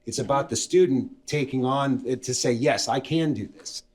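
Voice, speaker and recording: A man's voice: mid-range voice, normal speed, a little mellow, slightly rough. Man podcast co-host; reflective, explanatory delivery. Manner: thoughtful, explanatory, mentoring tone. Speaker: co-host, instructor. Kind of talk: casual podcast chat.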